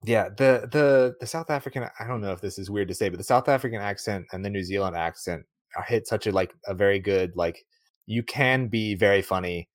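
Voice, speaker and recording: A man's voice: on the low side, a little fast, no room sound, clean studio sound. A man co-hosting a podcast, chatting casually about a movie, rambling and laughing often. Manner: rambling, laughs often, acts out lines in a raised voice. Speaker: podcast co-host.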